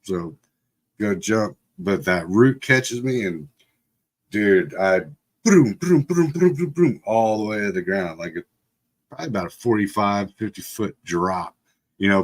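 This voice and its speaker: A man's voice: low voice, expressive, a little slow. Laid-back middle-aged man telling stories. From Texas. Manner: laid-back, rambling, laughs often, lots of fillers. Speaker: livestream host. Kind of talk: casual storytelling.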